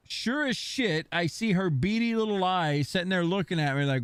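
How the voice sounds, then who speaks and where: A man's voice: a little high, sing-song, moderate pace, hardly any pauses, fairly bright tone, smooth, dry recording. A young man streaming a game, casually telling rambling, profane stories about his dog. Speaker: gaming streamer. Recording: faint music behind.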